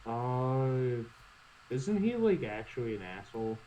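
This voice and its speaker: A man's voice: medium pitch, big pitch swings, slow, warm tone, lo-fi sound, a little hiss or hum. A man in a casual chat, laid-back and answering with short, dry replies. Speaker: co-host guest.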